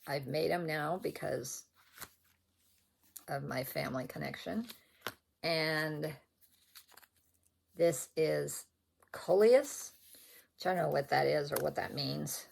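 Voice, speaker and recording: A woman's voice: deep voice, takes it slowly, gravelly, long pauses, a little mellow, slight background noise. An older woman vlogging about her stitching at home, rambling and chatty and often correcting herself as she shows off her threads. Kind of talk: casual show-and-tell chat. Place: at home indoors.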